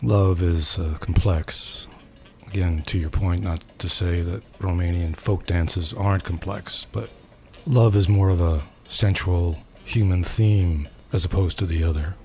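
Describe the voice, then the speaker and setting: Speaking a little slowly in a low-pitched, warm, steady tone, an older man acts as host of a comedy podcast. He banters casually and hesitantly, poking fun at himself.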